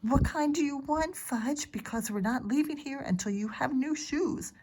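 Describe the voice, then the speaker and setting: A woman reading a storybook aloud, voicing a fussy, worrying mother who often talks in a hush. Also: medium pitch, animated, normal speed, a little hiss or hum, lightly acted, low-quality recording. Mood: firm. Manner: fretting, often hushed.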